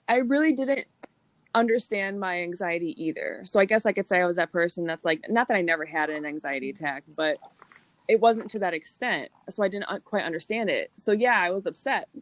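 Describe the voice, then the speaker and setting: A young woman with a fairly low voice hosts a loose, casual chat. She is blunt, laughs often and swears freely. The sound is dry and close, with no room around it. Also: no room sound. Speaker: podcast host.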